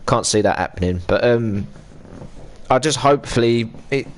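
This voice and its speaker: A man in his thirties with an English accent talks casually while he plays on a live stream. He rants and swears freely, and his voice sits at an ordinary middle pitch. He chats in a loose, unscripted way. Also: moderate pace. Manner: ranting, sweary, chatty.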